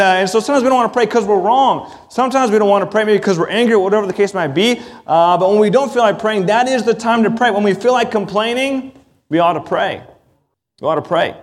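A man preaching a sermon in an earnest, emphatic way, with asides to his congregation. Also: high voice. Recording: long hall reverb.

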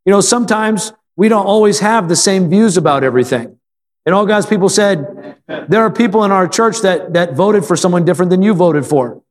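A man's voice: sits high, fairly quick. Man preaching a folksy sermon in a reverberant church. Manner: folksy storytelling with calls for amen. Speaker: pastor.

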